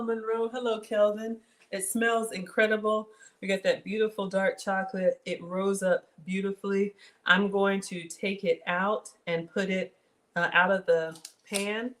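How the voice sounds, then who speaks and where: A woman's voice: medium pitch, fairly bright tone. Chatty woman hosting a kitchen livestream. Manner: chatty, talks straight to viewers, reads out comments. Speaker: cooking channel host. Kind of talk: live-stream cooking chat. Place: home kitchen.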